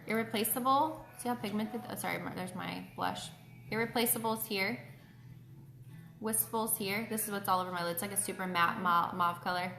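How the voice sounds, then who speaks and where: A woman's voice: medium pitch, creaky, a bit bright. A chatty woman walks viewers through a casual live makeup tutorial. Her voice sits in a middle range, and the room behind her gives it a noticeable echo. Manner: chatty, greets viewers by name. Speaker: beauty host. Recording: roomy echo.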